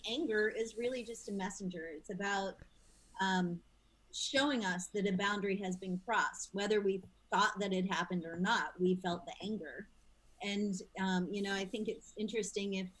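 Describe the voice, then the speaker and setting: A woman's voice: mid-range voice, fairly bright tone, low-quality recording. A woman hosting a casual discussion, talking in an earnest, reflective way with many fillers.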